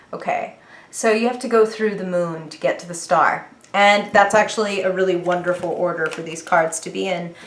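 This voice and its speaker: A young woman giving a casual tarot reading straight to her viewers, chatty, with fillers and small laughs. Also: lowish voice. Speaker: tarot reader. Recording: echoey room.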